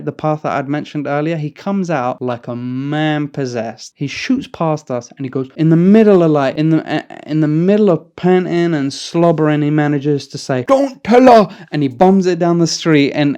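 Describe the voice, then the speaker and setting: A man's voice: mid-range voice, a little mellow, clean tone. A young man telling a crude, sweary, comic story in a casual storytime vlog.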